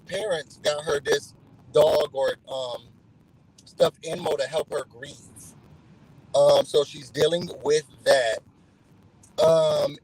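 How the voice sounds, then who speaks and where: This man's voice runs on the high side with a breathy edge as he casually summarizes a reality show for his channel. He tells it with animation, mimicking the quotes in other voices, and the recording is rough.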